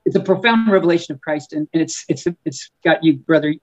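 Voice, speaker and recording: A man, an author and guest on a podcast, talking in a fervent preaching style, often repeating words and slowing down on key words. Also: on the high side, expressive, muffled recording. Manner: fervent and emphatic, stretching key words slowly; frequent stumbles and repeated words. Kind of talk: preaching-style conversational talk.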